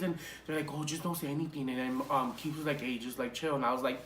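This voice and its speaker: A young man recounts a story for his vlog in a loose, animated, profane style, full of fillers. His voice sits a little high. The room around him is echoey, with faint hiss behind it. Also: quick pace, hardly any pauses. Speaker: vlogger.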